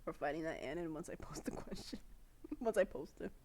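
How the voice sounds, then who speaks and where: A woman's voice: deep voice, animated, fairly quick, heavy background noise. A woman streamer chatting casually while playing a game, giggly and swearing freely. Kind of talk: casual gameplay commentary. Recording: game music behind.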